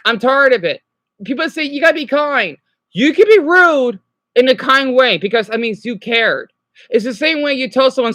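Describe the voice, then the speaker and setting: A man's voice: very high voice, expressive, bright, forceful tone, no echo. Rambling, profane young man ranting. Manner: rambling, profane, quick to apologize. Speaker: live streamer. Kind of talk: live stream rant.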